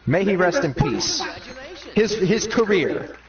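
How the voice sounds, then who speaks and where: A man's voice: high voice, sing-song, slow, reverberant, distant mic, muffled recording, a loud crowd. A man streamer joking through rambling crude comedic banter.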